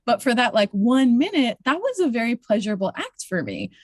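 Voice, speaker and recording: A woman's voice: fairly high pitch, sing-song, a little fast, a little mellow, no echo. Reflective woman coach, podcast guest. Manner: reflective, searching for words, occasional swearing. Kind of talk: casual conversational interview.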